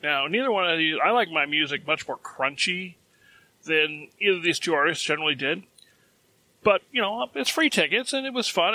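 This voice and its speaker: A man's voice: fairly high pitch, bright, forceful tone. A middle-aged man hosting a podcast. He tells a long personal anecdote in a chatty, self-amused way and chuckles at his own jokes. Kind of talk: casual storytelling.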